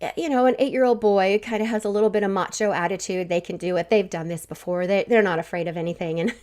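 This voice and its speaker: A woman's voice: medium pitch, fast talker. Grandmotherly woman telling a faith talk. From Southwest Missouri. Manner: warm storytelling with laughs. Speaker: podcast host. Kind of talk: faith-based encouragement talk.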